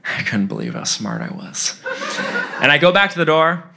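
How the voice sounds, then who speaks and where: A young man in his twenties telling a personal story live on stage, animated and often laughing as he goes. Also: on the high side, normal speed, vocal fry, background noise.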